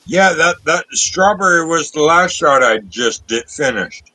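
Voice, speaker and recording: A man's voice: fairly high pitch, lively intonation, unhurried, bright, forceful tone, poor audio. A man joining a casual chat with wry, joking remarks.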